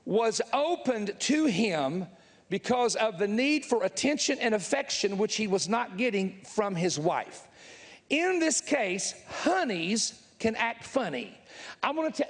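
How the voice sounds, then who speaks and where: A man with a Southern US drawl preaches to a live congregation, his voice sitting notably high. He talks bluntly and folksily, throwing emphatic asides at the crowd. The sound carries a long, echoing hall reverb. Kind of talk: sermon. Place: large church hall with live audience.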